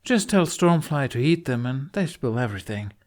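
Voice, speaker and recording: A man's voice: mid-range voice, sing-song, normal speed, pitched above the performer's own voice, close to an everyday voice. A man reading an audiobook, voicing a blunt, dry young woman warrior. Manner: dry, unamused.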